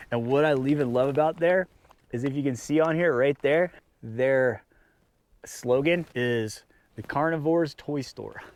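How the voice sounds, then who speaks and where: A man chatting casually to the camera at a mountain campsite, talking to his dogs as he sets out snacks. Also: on the high side. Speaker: outdoor vlogger. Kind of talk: casual camp vlog talk.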